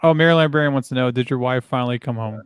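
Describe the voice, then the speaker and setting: A man with a smooth, clear voice co-hosts a casual live stream. He talks in a laid-back, slangy way, recorded dry and close. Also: medium pitch, fast, dry recording. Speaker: co-host.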